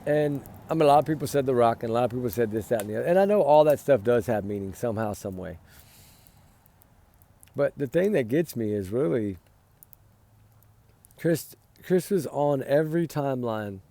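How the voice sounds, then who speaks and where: A man's voice: mid-range voice, lively intonation, normal speed, pauses often, dark tone, no echo. A tired man giving his casual opinions on a case, rambling and often asking "right?". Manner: rambling, repeats "right?", sighs and yawns. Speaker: commentator on a missing-child case.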